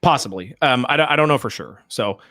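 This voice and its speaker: A man's voice: mid-range voice, lively intonation, brisk, sharp tone, no echo. A man co-hosting a podcast in casual chat, laid-back and rambling. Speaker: podcast co-host.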